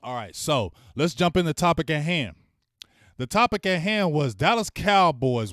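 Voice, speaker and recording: A man hosting a fan channel, ranting bluntly and with plenty of swearing as he heckles rival fans and shouts out viewers in his live chat. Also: fairly high pitch, animated, normal speed, dry recording, studio quality. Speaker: sports fan channel host.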